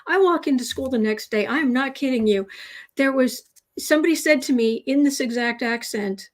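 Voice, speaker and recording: A woman from the United States hosts a tarot livestream and chats loosely with her viewers. Her voice sits a bit high, and she drifts from story to story in a casual, talkative way. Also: normal speed. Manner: chatty, digressive storytelling. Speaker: tarot reader, livestream host.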